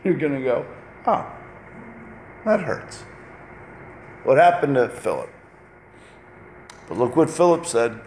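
A man preaching a lively, conversational sermon, acting out short exchanges between people as he goes. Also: medium pitch, normal speed, long pauses, roomy sound, slight background noise. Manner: animated, conversational, acts out little dialogues. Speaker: pastor.

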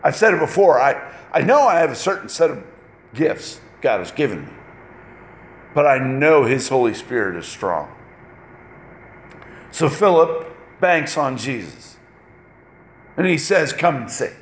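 A man preaching a lively, conversational sermon, acting out short exchanges between people as he goes. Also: medium pitch, unhurried, long pauses, roomy sound. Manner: animated, conversational, acts out little dialogues. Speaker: pastor.

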